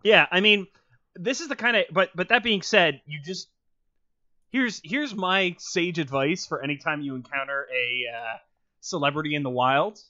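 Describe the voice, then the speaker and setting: A man's voice: a little high, moderate pace, pushed and bright. A man co-hosting a podcast, chatting in a wry, meandering way. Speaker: podcast co-host. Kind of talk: casual chat. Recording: dull lo-fi mic.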